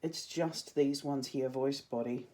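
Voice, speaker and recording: Chatty New drama teacher, a young woman with a mellow tone, talking students through their work. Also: rumbling low, steady tone, a little slow. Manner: chatty, jokey asides. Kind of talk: casual video lesson to students.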